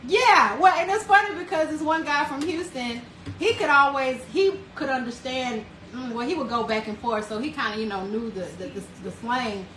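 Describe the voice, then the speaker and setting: A woman's voice: sits high, moderate pace, echoey room, recorded from a distance, slight background noise. A woman with a Southern US accent hosting a cooking livestream, chatting and greeting viewers by name. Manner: chatty storyteller, warm greetings, drawling. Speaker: livestream host. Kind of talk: casual chat, reading viewer comments aloud.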